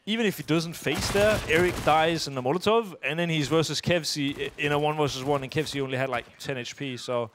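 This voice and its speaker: A man's voice: a little high, brisk, few pauses, noisy background. Chatty man commenting a live esports match. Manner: chatty, laughs easily, thinks aloud mid-sentence.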